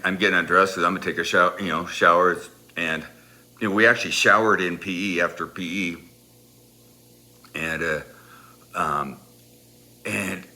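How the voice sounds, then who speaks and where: A man telling a funny true story from his school days in an animated way, laughing as he goes, with rambling restarts. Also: fairly low pitch. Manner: animated, laughs through the telling, acts out voices. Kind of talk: personal anecdote storytelling.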